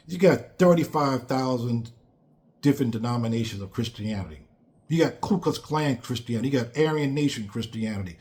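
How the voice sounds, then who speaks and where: A man's voice: medium pitch, brisk, a little mellow. A man giving a blunt, emphatic casual monologue on politics, repeating phrases for stress. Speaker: commentator.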